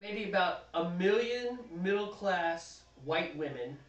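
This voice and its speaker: A man's voice: high voice, expressive, takes it slowly, dull audio. Joking man in a roomy, distant recording. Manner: joking, teasing banter. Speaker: homebrewing show co-host. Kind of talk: casual livestream chat.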